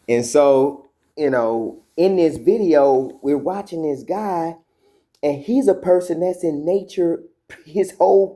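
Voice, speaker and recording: A man casually telling a personal spiritual story, rambling with many fillers and repeated words, acting out quotes as he goes. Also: a little high. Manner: retells quotes in a lively animated way.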